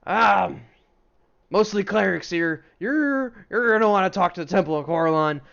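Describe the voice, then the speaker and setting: A man voicing a hearty, jovial male dwarf who heads a temple, speaking loudly. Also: high voice, expressive, moderate pace, gravelly, lo-fi sound, pitched above the performer's own voice, heavily acted.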